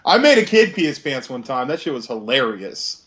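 A man's voice: medium pitch, very animated, normal speed, fairly bright tone. A young man with a midrange voice tells a story at an easy pace. He is laid-back and profane, with plenty of fillers along the way. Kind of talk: casual chat, storytelling.

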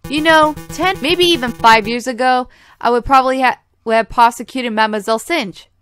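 An earnest rooster prosecutor, reflective and lecturing, as a woman gives him voice. Soft music sits faintly behind. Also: high-pitched, a little fast.

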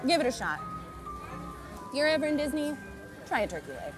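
A woman's voice: sits high, very animated, fairly quick, over music, low-quality recording. A woman vlogging outdoors at a theme park, chatting casually while eating, talking with her mouth full. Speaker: vlogger taste-testing food. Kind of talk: casual vlog chat.

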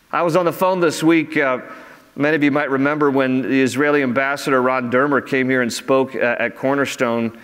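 Earnest pastor preaching in a hall. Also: male voice, mid-range voice, steady tone, a little fast, fairly bright tone, smooth. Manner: earnest preaching, rising emphatically on key phrases. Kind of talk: sermon. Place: church sanctuary.

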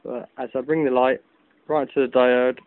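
A man's voice: mid-range voice, level tone, moderate pace, clear, resonant tone. Man, casual hobbyist vlogger, loose and chatty; outdoor phone recording, tinny narrow sound. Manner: chatty, loose, with many ums and self-corrections. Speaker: hobbyist video maker. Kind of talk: casual demonstration vlog. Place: outdoors in afternoon sun. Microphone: phone camera.

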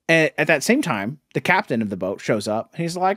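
A man's voice: fairly high pitch, sing-song, a little fast, few pauses, a bit bright, dry recording, clean studio sound. A man co-hosting a casual comic podcast chat, who laughs often and talks in a mocking, incredulous way. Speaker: podcast co-host.

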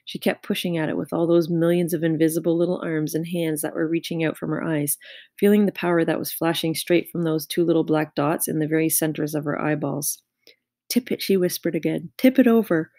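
A woman narrating a children's novel aloud with steady, expressive storytelling. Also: low-pitched, fairly quick, no echo, studio quality. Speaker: audiobook reader.

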